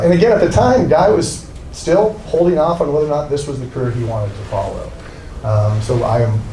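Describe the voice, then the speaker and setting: A man gives a rambling, heartfelt introduction, joking at his own expense as he goes. He sounds set back from the microphone in a roomy hall. Background noise runs steadily underneath him. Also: mid-range voice. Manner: rambling, self-deprecating, emotional. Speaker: art dealer introducing a speaker. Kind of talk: live introduction speech. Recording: roomy, distant from mic, with noise.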